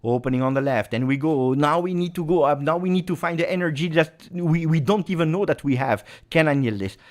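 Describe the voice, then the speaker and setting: A man hosting a live football watch-along, reacting to the match as it unfolds, swinging from low muttering to loud shouting. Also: brisk.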